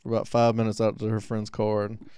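Rambling, smooth-voiced podcast co-host. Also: male voice, lowish voice, monotone, fast, mellow, no room sound, clean studio sound. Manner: rambling storyteller with many fillers and restarts. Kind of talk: casual chat.

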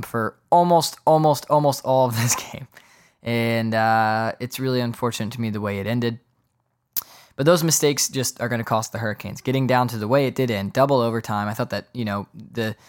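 A man hosting a solo sports podcast, talking off the cuff in a rambling way, correcting himself often and dropping joking asides. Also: medium pitch. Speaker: podcast host.

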